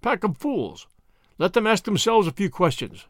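A man voicing a cool, confident young Englishman who bluffs calmly. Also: high-pitched, moderate pace, dry recording, studio quality, pitched above the performer's own voice. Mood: scornful. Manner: calm, confident, scornful.

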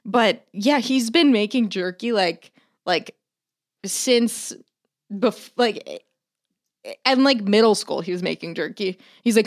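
A young woman talks at an average pitch in a relaxed podcast chat. She swears easily and tells family stories, acting out what each relative said. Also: slow, long pauses. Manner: chatty, profane storyteller who acts out family members. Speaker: podcast co-host. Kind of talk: casual chat.

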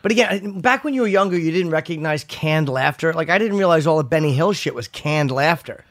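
A man's voice: fairly high pitch, lively intonation, no echo, studio quality. A man who does stand-up, chatting crudely and joking on a podcast. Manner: crude, joking, quick storyteller. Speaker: stand-up comedian guest. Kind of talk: casual podcast banter.

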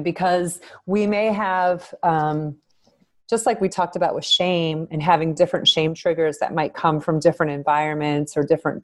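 Woman, low voice, psychologist guest, reflective, earnest, filler-heavy podcast talk. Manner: earnest, reflective, thinks aloud with many fillers. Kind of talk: podcast interview.

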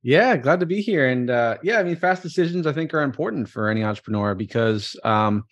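A man who is an entrepreneur, speaking as a podcast guest in a relaxed way with many fillers. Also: medium pitch, highs cut off. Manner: rapid, filler-heavy, relaxed. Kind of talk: casual interview talk.

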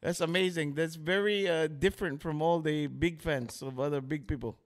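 A man's voice: a little high, moderate pace. A man co-hosting a podcast in casual chat, eager and prone to stammering restarts. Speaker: podcast co-host.

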